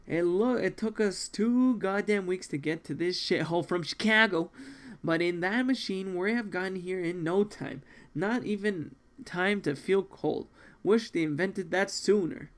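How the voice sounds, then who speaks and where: A man voicing a brash, joking assassin in a manga read-along, talking in a loud, rowdy, teasing way. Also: sits high, a little slow.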